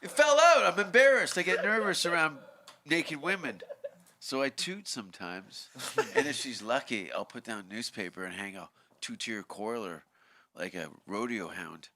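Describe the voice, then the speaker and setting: A Canadian man, a comedian guest, telling crude stories in a casual podcast chat and shouting out lines in bursts. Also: mid-range voice, expressive, normal speed, a little hiss or hum. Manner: profane, shouts out heckler exchanges in loud acted bursts.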